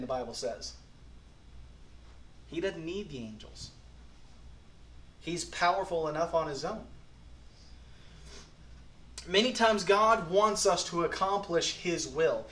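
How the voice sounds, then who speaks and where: A man preaching a morning sermon, earnest and folksy, who swings between quiet reflection and emphatic bursts. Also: a little high, lively intonation, slow, long pauses, reverberant. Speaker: pastor.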